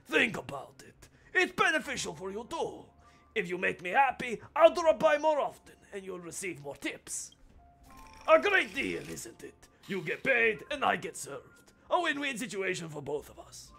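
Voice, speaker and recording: A man voicing a jealous, pompous male bar customer in a game with a put-on accent, haughty and quick to flare up. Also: high-pitched, big pitch swings, a bit bright, faint music behind, pitched above the performer's own voice, full character voice. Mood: smug, wheedling. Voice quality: gravelly, breathy put-on accent.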